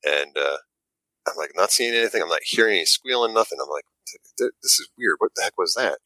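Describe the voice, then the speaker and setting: A man, a guest who makes models, telling an animated story in casual chat and acting out the quotes with little stammers. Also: sits low, fast talker, no echo, low-quality recording.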